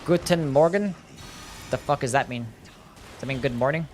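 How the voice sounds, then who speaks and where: A man's voice: mid-range voice, steady tone, brisk, faint music behind. Offhand male game streamer. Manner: loose and offhand, with swearing and laughter. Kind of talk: casual live-stream commentary, answering chat. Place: home streaming setup.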